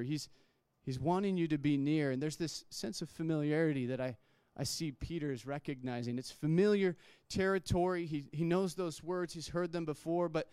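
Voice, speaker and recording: Smooth-voiced male preacher, slightly high. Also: a little mellow, no echo. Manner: conversational preaching with repeated words and acted quotes. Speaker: pastor. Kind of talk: sermon.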